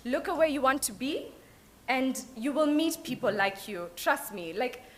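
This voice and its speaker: Lively Kenyan woman, higher voice. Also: unhurried. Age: young adult. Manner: lively, mixes in Swahili phrases. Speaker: alumna speaker. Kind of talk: motivational talk. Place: event hall at an open day.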